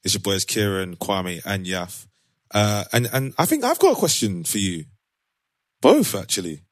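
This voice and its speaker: A man hosting a casual podcast chat, relaxed and laughing often, with plenty of slang. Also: on the low side, normal speed, no room sound, studio quality. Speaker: podcast host.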